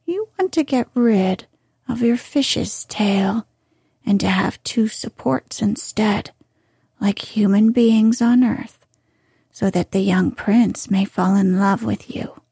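A woman voicing a scheming, ancient sea witch in whispered role-play, speaking softly and slowly. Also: mid-range voice, gravelly, slightly rough, dry recording, clean studio sound, exaggerated voice. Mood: bargaining. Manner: soft, slow whispering.

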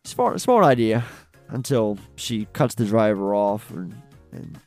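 A man's voice: fairly low pitch, big pitch swings, unhurried, creaky, darkish tone, soft background music. A man co-hosting a film podcast, casually and enthusiastically retelling scenes with some swearing. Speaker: podcast co-host. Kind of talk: casual film review chat.

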